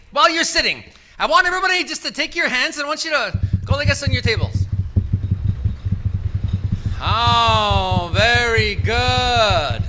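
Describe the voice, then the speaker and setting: A man's voice: very high voice, slight background noise. A man working as an event emcee, calling out instructions to a crowd and leading games at a summit. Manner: calls out instructions to a crowd, sometimes shouting. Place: large indoor event hall.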